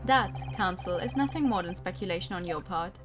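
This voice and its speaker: A woman reading the lines of a stern male judge in a formal, measured way. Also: fairly low pitch, lively intonation, natural voice. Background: background music.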